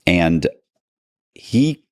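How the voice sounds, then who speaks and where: Deep-voiced man telling a story. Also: sing-song, drawn-out words, a little mellow, dry recording, studio quality. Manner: rambling, frequent restarts, acts out quoted dialogue. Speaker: podcast guest. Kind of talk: casual storytelling in a long interview.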